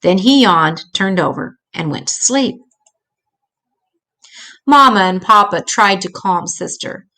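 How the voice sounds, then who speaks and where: An older woman, a grandmother storyteller, reading a children's picture book aloud in a gentle, expressive way with small slips. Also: medium pitch, slow pace, pauses often.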